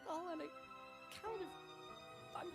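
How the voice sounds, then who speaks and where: A woman's voice: very high voice, takes it slowly, over music, heavily acted. A woman voicing a small scheming male creature villain in a game, whiny and boastful. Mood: pleading. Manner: whiny, then gloating and boastful.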